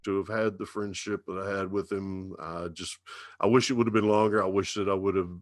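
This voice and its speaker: Slow-drawling Dallas man in his fifties. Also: sits low, flat delivery, no echo, clean studio sound. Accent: Dallas Texas drawl. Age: 50s. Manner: slow drawling storyteller, heavy swearing. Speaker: radio DJ guest. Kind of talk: casual podcast interview.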